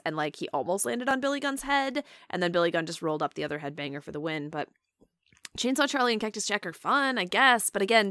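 A woman's voice: on the low side, a bit bright, no room sound. Young woman cohost, wry and chatty, lots of likes and asides, dry close sound. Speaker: podcast co-host. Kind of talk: casual chat reviewing wrestling.

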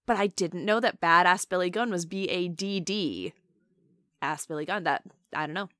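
A woman's voice: lowish voice, moderate pace, fairly bright tone, no room sound, studio quality. A young adult woman co-hosting a casual chat show, talking in a wry, chatty way with lots of asides. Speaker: podcast co-host. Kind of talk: casual chat reviewing wrestling.

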